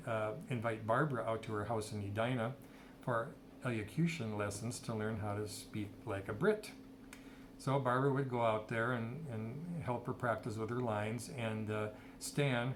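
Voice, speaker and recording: A middle-aged man with a fairly low voice shares his personal history in a casual, rambling story, quoting what people said along the way. There's noticeable noise in the background.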